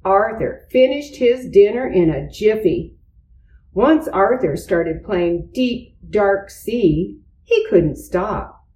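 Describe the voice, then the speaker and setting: A woman slowly reading a children's storybook aloud. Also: mid-range voice, expressive, dark tone, reverberant, rough recording. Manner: slow, deliberate. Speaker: reader.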